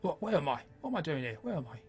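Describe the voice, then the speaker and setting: A man voicing a distraught teenage boy who breaks down sobbing over his father, his voice cracking high. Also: very animated, very fast, soft background music. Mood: bewildered.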